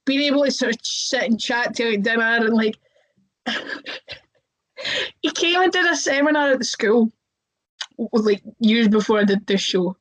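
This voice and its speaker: A woman's voice: fairly high pitch, lively intonation, a little slow, pauses often, fairly bright tone, rough recording. A young woman, a wrestler, telling stories casually in an interview, chatty, with lots of fillers and voices acted out.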